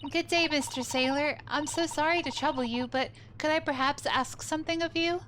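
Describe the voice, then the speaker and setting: A woman's voice: high voice, fairly even intonation, brisk, a bit bright, pitched above the performer's own voice. A woman voicing an earnest, courteous young man who asks questions formally, in a recording with background noise. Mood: polite. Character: polite, earnest young male law student.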